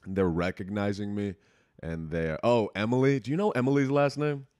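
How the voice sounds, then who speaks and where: Deep-voiced young man, candid and rambling. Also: steady tone, moderate pace, darkish tone, no room sound, studio quality. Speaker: podcast host. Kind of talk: casual chat.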